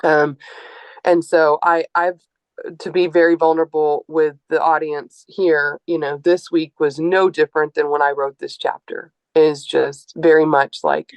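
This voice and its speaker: A woman in her forties, an author and educator, talking candidly and earnestly to a live audience, often pausing on um and uh. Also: low-pitched, flat delivery, no echo. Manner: earnest, open, with frequent um and uh. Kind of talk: candid personal talk at a book event.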